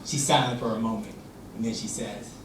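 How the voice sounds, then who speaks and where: A young man giving a humorous contest speech, telling an animated story and acting out voices. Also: on the low side, fairly quick, heavy background noise. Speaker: contest speaker. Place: large hall with audience. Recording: distant mic in echoey hall with audience.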